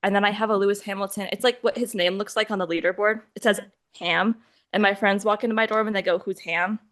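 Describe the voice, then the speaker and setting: A college-age woman on a casual podcast, telling anecdotes in a relaxed, chatty way. Her voice sits at an ordinary middle pitch. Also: fast talker. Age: young adult. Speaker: podcast co-host. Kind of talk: casual chat.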